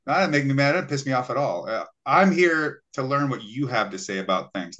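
A man guesting on a casual podcast chat, telling stories and acting out the people he quotes. His voice is bright and forward, with a middle pitch and many filler words as he searches for the right phrase. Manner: animated, acts out quoted voices, frequent fillers.

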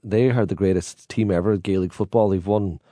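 A man with a Donegal Irish accent and a low, mellow voice, telling stories in a relaxed, joking way. He talks like a tour guide chatting with friends. The sound is close and dry. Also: a little fast, no echo. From Ireland. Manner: storytelling, jokey. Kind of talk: casual chat.

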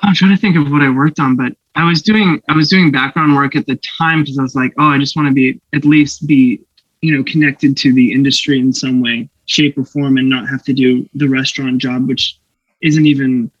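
Brief: young actor guest, animated storyteller, laughs often, dull dry podcast sound. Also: male voice, mid-range voice, a little fast, dry recording. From Canada. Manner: animated, laughing, acts out voices in anecdotes. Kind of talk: casual storytelling interview.

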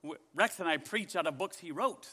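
A male pastor preaching a sermon in a high, bright, forceful voice. He talks in an animated way and keeps putting questions to his congregation. A long hall reverb trails each phrase. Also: normal speed.

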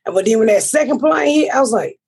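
A middle-aged American woman hosting a podcast, telling profane, animated stories and acting out what everyone said. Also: a little high, fast, vocal fry. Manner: profane, animated storyteller acting out her own quotes. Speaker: podcast host. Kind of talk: casual chat, storytelling.

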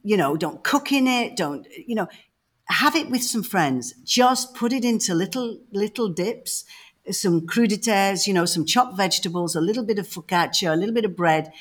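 A woman from the north of England, co-hosting a podcast and telling stories in a lively, emphatic, casual way. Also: medium pitch, moderate pace, slightly rough. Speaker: podcast co-host. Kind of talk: casual chat.

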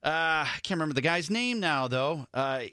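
A man with an American Midwestern accent, co-hosting a morning radio show in casual banter, laid-back and self-deprecating, halting with fillers. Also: a little high, animated, pushed and bright, no room sound, studio quality. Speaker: radio co-host.

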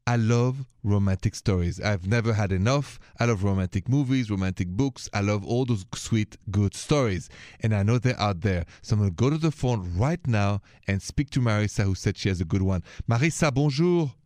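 A man's voice: fairly low pitch, animated, moderate pace, a little mellow, no room sound, clean studio sound. A middle-aged man with a French accent hosting a late-night call-in radio show, emphatic and fond of French greetings. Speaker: radio talk show host.

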